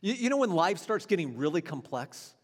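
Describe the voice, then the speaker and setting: A man's voice: high voice, very animated, brisk. A man in his forties preaching a sermon, earnest and conversational, often repeating and restarting his words. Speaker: pastor. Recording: long hall reverb.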